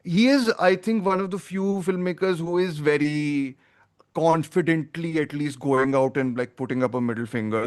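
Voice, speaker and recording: A man with a slightly high voice talks at a moderate pace while hosting a film podcast. In this casual film review chat, he thinks aloud in a rambling, opinionated way.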